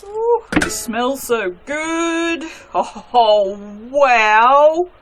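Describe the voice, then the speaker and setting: Young woman, a soap maker, casual and self-mocking, speaking slowly and brightly in a cold workspace at night. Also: high voice, lively intonation, background noise. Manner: gushing, self-mocking, chatty with her cat. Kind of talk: casual chat while cutting soap.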